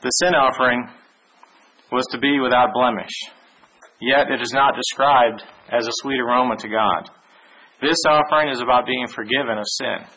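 Man, Bible teaching, bright tone, slightly husky, measured reading of verses. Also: medium pitch, low-quality recording. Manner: measured, reads verses aloud with small restarts. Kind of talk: sermon with scripture reading.

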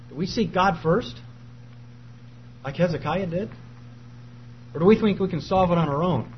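A man delivers an earnest sermon in a slightly raised voice, leaning on key phrases with emphasis. The recording is dull and lo-fi, with a faint hum underneath. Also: on the high side. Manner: earnest, emphatic preaching reading scripture aloud. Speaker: preacher.

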